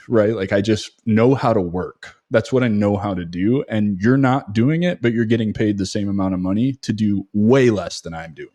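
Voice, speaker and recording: A man's voice: lowish voice, moderate pace, hardly any pauses, dark tone, no room sound. A male podcast host talking emphatically in a conversational interview, often repeating his words while he thinks.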